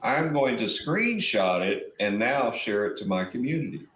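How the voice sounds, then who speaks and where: A man's voice: mid-range voice, big pitch swings, moderate pace, reverberant, background noise. A man chatting casually on a live stream, teasing his friends with playful banter. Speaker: livestreamer.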